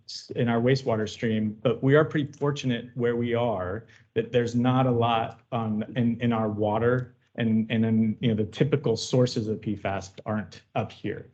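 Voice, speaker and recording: A man, a water district official, calmly explaining an issue at a board meeting, with some fillers and restarts. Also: medium pitch. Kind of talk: answering public comment at a board meeting. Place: meeting room. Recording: dull lo-fi meeting audio.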